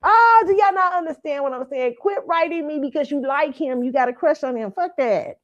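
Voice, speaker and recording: A woman's voice: high voice, fairly quick, dull audio. A woman hosting her own pop-culture commentary stream, talking bluntly with plenty of swearing, frequent laughs and repeated "okay?". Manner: blunt and profane, laughs often, keeps asking "okay?". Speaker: show host. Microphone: streaming setup mic.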